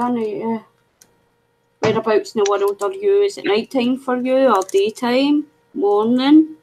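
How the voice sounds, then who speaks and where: A woman's voice: a little high, darkish tone, low-quality recording. Chatty woman asking viewers questions. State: losing her voice. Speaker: livestream co-host. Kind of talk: casual chat with viewers.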